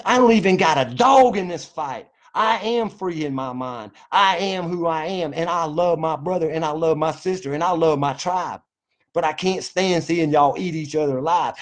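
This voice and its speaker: A man delivering a fervent, profane, folksy monologue to his viewers. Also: on the high side. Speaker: vlogger. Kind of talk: impassioned monologue to camera.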